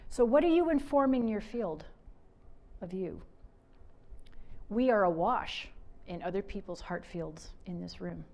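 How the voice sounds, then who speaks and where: A middle-aged woman from Canada giving a motivational talk, telling stories with animated swings from loud to soft. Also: medium pitch, measured pace. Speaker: speaker.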